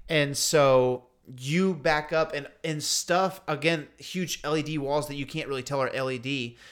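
Chatting casually on a podcast, a man with a somewhat higher-than-typical male voice relates a story full of slang in a lively, easygoing way. He performs other characters' lines, speaking at a measured pace with a clean tone.

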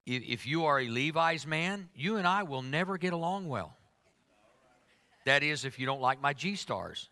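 A man's voice: on the high side, lively intonation, normal speed, bright, forceful tone. A middle-aged man preaching a sermon to a congregation, emphatic and humorous, teasing his listeners.

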